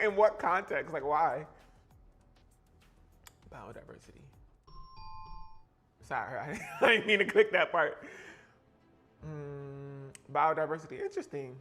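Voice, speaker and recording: Man, slightly high voice, playful and chatty, live baking stream from a home kitchen. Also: a bit bright. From South Carolina, US. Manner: chatty, playful, reacts to chat with sassy exclamations. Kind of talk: casual live-stream chat while baking.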